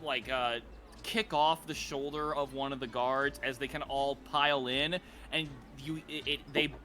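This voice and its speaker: A man running a tabletop game as dungeon master, narrating excitedly, swearing freely and shouting out the lines of guards. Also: medium pitch, unhurried, soft background music.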